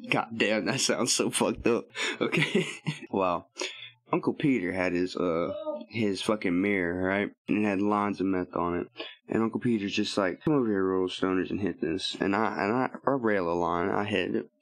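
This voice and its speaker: Man vlogging, rambling profane storytelling, low voice, chuckles often. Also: normal speed. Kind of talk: casual storytelling.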